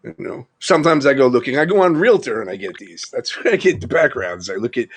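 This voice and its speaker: Husky New York man in his fifties. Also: mid-range voice, lively intonation, fast. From Long Island, New York. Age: 50s. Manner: rambling, chuckles often. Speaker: livestream host. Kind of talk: casual live chat. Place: home room, video call.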